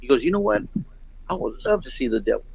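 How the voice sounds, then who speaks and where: A crowd murmurs behind a middle-aged man whose creaky, mid-range voice moves fast. As a guest storyteller, he rambles casually through a long story and lively acts out everyone else's lines. The sound is dull and lo-fi.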